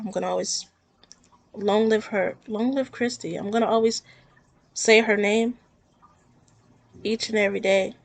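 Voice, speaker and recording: A woman's voice: medium pitch, vocal fry, a little mellow. A woman talking earnestly and emotionally in a rambling, heartfelt vlog about her own grief. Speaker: vlogger. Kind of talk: personal talk to camera about grief.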